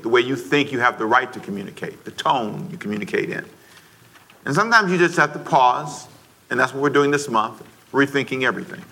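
Bright-voiced man preaching emphatically. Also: medium pitch. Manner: emphatic preaching with repetition and call-and-response prompts. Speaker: pastor. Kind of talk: sermon.

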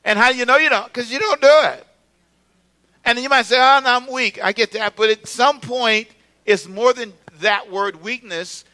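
High bright preaching man. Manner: conversational preaching with call-and-response. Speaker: pastor. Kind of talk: sermon.

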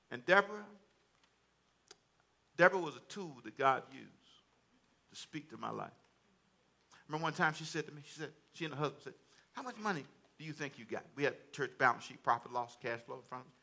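A man's voice: a little high, moderate pace, gravelly, pauses often, pushed and bright. A male pastor preaching a sermon in church to a congregation, with folksy, repetitive phrasing and call-and-response.

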